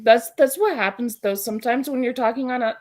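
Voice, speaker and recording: A woman's voice: on the high side, brisk. A woman, a YouTuber, chatting casually and curiously with a podcast host over a video call. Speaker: YouTuber guest. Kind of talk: casual chat.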